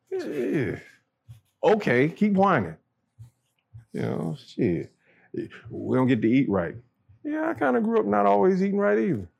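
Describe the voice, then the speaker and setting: A middle-aged man, a military veteran and podcast guest, telling stories in casual talk. He swears constantly, talks bluntly, and acts out the people he quotes by jumping up in pitch. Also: vocal fry, a little mellow. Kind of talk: casual storytelling chat.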